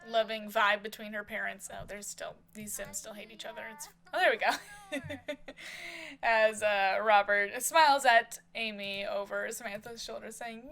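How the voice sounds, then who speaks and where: A woman narrates a life-sim soap opera as she plays, describing each action in a casual, meandering way. Her voice is bright and forceful, with a gravelly fry, and her speech is full of fillers. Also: medium pitch, a little slow.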